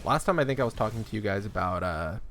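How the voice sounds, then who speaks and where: A young man talks through a game in a loose, chatty way, drifting into side stories. His voice is low and gravelly. A faint hiss sits under the desk-mic recording. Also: lively intonation, fast talker, a bit bright. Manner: chatty, laid-back, loose asides with laughs. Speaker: gaming streamer. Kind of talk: casual gameplay commentary.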